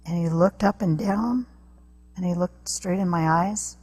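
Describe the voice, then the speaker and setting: A woman with a husky, breathy voice speaks as an interview guest. She tells a personal story earnestly and halts often, restarting her sentences as she goes. Her pitch sits a little low. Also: measured pace, a little mellow. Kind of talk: personal testimony in a talk interview.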